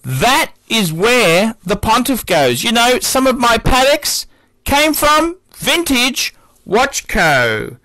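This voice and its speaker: A middle-aged man doing a promotional shout-out for a sponsor, repeating the names over and over like a chant. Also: very high-pitched, very animated, takes it slowly. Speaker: channel host doing sponsor shout-outs.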